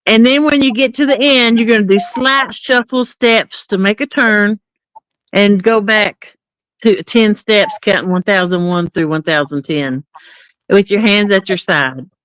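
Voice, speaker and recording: A woman's voice: medium pitch, clean tone, no room sound. Woman telling a story, dry close sound. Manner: animated, acts out quoted dialogue. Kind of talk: casual storytelling.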